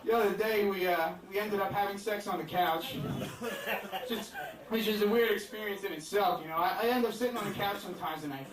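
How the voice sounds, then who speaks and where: Male stand-up comic with a high voice, crude and rambling, distant echoey club recording with a roaring crowd. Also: brisk. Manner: rambling, crude, self-deprecating with many fillers. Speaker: stand-up comedian. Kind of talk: stand-up comedy set. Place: comedy club stage with a laughing crowd.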